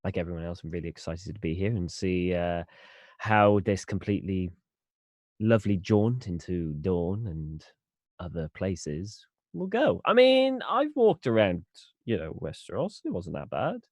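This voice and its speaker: A man's voice: low-pitched, very animated, measured pace, a little mellow, no room sound. A tired man, a tabletop game player chatting casually and rambling a little. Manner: self-deprecating, rambling with restarts.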